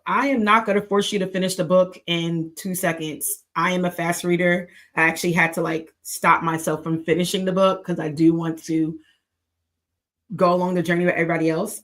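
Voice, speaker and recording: A woman's voice: fairly low pitch, steady tone, moderate pace. A young adult woman with an American accent, hosting a book club livestream in a chatty, playful way with laughing asides. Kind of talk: casual livestream chat.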